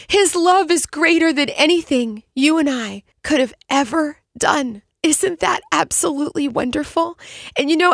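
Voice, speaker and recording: High-voiced earnest woman teaching Bible. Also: a bit bright, dry recording, studio quality. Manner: earnest, exclaiming, speaks straight to the listener. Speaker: devotional podcast host. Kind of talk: devotional Bible reading and teaching.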